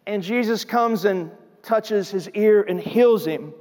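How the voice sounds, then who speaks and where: A man's voice: high-pitched, takes it slowly, darkish tone, long reverb tail. A male pastor preaching a sermon, telling the scripture story in a conversational way and acting out the scenes. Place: church sanctuary.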